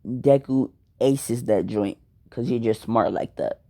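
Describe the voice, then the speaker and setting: Young man, slangy rambling storyteller, slow, mellow, dry close sound. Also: medium pitch, no echo. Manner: slangy, rambling, repeats words. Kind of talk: casual improvised fan-fiction storytelling.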